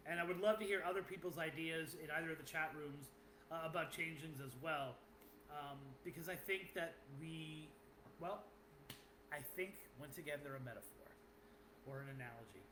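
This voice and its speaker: A man's voice: fairly high pitch, moderate pace. A man with a Boston accent co-hosting a podcast, chatting casually, joking and often cutting in. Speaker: podcast co-host. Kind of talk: casual chat. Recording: echoey room with faint noise.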